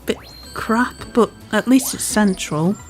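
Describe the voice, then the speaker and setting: Woman, Scouse-Welsh accent, gaming host, chatty let's-play commentary, mid pitch, quiet game music behind. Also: slow pace. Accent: part Scouse, part Welsh. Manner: chatty, self-deprecating, talking to herself while playing.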